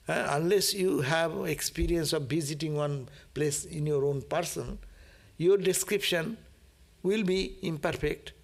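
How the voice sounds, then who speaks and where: The speaker is a monk giving a scripture class, reading and explaining in an easygoing style with lots of "no?" and laughter, and he acts out prayers. His voice runs on the high side with vocal fry.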